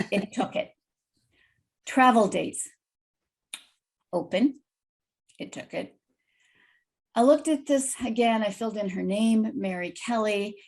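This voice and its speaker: A woman guest telling a personal story in a lively, vivid way on a video call podcast. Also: medium pitch, vocal fry.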